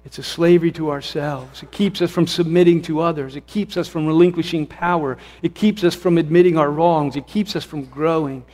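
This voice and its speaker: A man's voice: fairly high pitch, steady tone, fairly quick, hardly any pauses, a little mellow. A man pastor preaching a sermon in a church, conversational and self-correcting, rising to fervent emphasis. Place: church sanctuary. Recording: long hall reverb.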